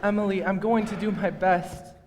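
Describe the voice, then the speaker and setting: A man's voice: sits high, fairly even intonation, moderate pace, a little mellow, a little hiss or hum, close to an everyday voice. A man playing a nervous young groom in a stage play, earnest and anxious. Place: stage in a large hall. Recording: stage in a hall with music behind.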